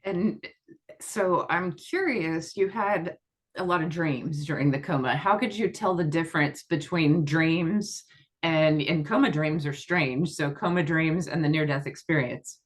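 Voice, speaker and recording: A woman hosting an interview, asking curious, gentle questions. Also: low-pitched, unhurried. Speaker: podcast host.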